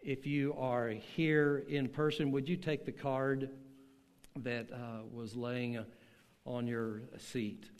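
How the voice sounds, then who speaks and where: An older pastor tells a story in his sermon, slow and emphatic with dramatic pauses, addressing both a church room and an online audience. His medium-pitched voice is steady and clean, carried by long hall reverb.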